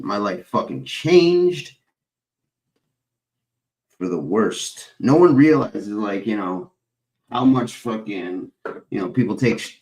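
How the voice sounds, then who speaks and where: A young man talks casually to his stream viewers in a fairly low voice. He rambles from one story to the next, swearing freely and circling back on himself. The talk is loose and unscripted. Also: poor audio. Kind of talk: casual chat.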